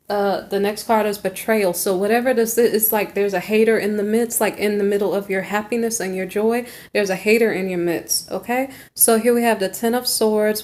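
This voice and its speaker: A woman's voice: mid-range voice, a little mellow. A woman reading tarot cards in a chatty, thinking-aloud way, sometimes acting out snippets of girl talk. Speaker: tarot reader. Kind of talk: casual tarot reading monologue.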